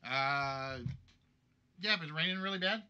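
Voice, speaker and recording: A man's voice: on the high side, a little slow, sharp tone, smooth. A man hosting a live-streamed game show from home, thinking aloud and rambling as he chats. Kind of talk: casual live-stream chat.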